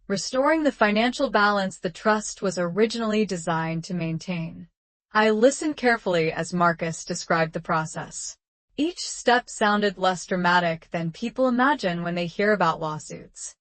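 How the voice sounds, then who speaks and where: A woman narrating a first-person drama story in a calm, measured, even way. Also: mid-range voice, no echo.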